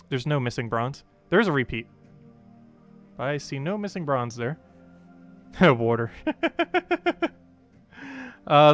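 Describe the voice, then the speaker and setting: Young man, New Jersey accent, mid pitch, casual streamer chatter full of fillers. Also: fairly bright tone. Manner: rambling, frequent fillers, laughs often. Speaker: gaming livestream host. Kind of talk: casual livestream chat.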